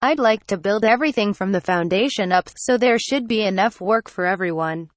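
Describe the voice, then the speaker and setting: A woman reading the lines of a calm, patient noble man in a light novel audiobook, in a measured way. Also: medium pitch, dry recording, lightly acted. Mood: matter-of-fact.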